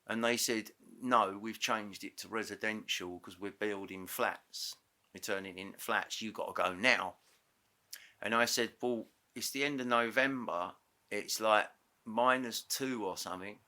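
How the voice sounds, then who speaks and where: Man, low-pitched, bright, casual storytelling, re-enacts dialogue. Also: a little slow. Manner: animated, re-enacts dialogue with self-corrections. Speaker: interview guest. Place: podcast studio.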